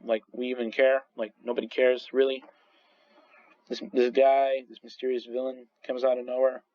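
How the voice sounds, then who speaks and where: A man's voice: medium pitch, level tone, moderate pace, no room sound, lo-fi sound. A man reviewing movies in casual chat, rambling with many restarts and frequent laughs. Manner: rambling, full of restarts and fillers, laughs often.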